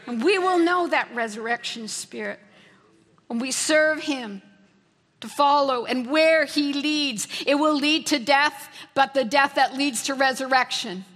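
A woman's voice: high voice, unhurried, a bit bright. A woman preaching a fervent sermon, repeating key phrases for emphasis. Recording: long reverb of a large hall.

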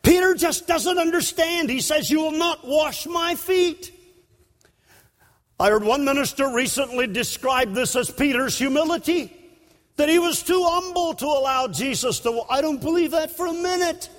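A man preaching a sermon at an evening service, impassioned and breaking into shouts for emphasis. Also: very high voice, lively intonation, moderate pace. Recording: long hall reverb.

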